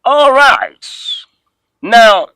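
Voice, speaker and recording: A man teaching a French lesson, pronouncing words slowly and repeating them for learners to copy, often saying "of course". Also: very high-pitched, sing-song, vocal fry, pushed and bright, smooth, no room sound. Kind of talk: classroom lesson, teaching pronunciation.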